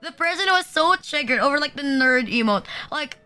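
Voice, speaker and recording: High-pitched and sharp with lively intonation, this woman talks fairly quickly during a casual livestream rant to her chat. Her exasperated venting is loaded with "like" and free swearing, and faint music sits in the background.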